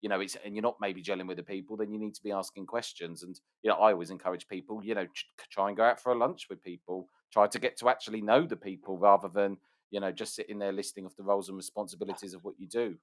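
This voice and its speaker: A low-voiced man hosts a podcast interview in a relaxed, conversational way. He often encourages his guest to go on. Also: fast. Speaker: podcast host. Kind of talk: casual interview chat.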